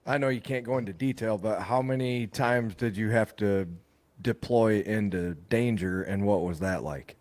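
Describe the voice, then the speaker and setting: A man's voice: on the low side, normal speed, a little mellow. A man hosting a podcast, asking questions with an enthusiastic, affirming manner. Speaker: podcast host. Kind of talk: casual interview.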